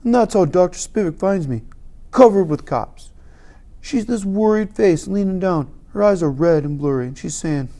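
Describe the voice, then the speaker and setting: Animated, lively audiobook reader. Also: mid-range voice, normal speed. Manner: animated, emphatic storytelling. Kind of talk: first-person novel narration.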